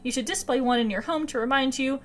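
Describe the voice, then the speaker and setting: A woman's voice: high-pitched, fast, pitched above the performer's own voice, close to an everyday voice. A woman reading aloud the lines of a sweet female dog secretary from a game. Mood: cheerful.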